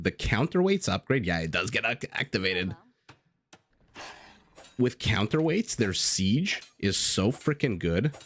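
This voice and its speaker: A man's voice: low-pitched, a bit bright, no echo. A man casting a strategy game live, chatting casually with viewers and telling stories as he goes. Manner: chatty, easygoing, swears casually, tells stories.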